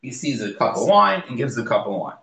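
A man teaching a Talmud class in a lively manner, explaining passages and acting out examples. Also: medium pitch, brisk, slight background noise. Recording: echoey room.

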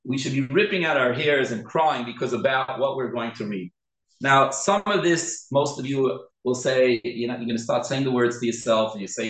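A man teaching a Torah class, earnest and insistent, doubling back on his words to press a point about pronunciation. His voice sits at an ordinary pitch and rings around a reverberant room. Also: normal speed, fairly bright tone. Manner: earnest, repeats and restarts words, stresses pronunciation.

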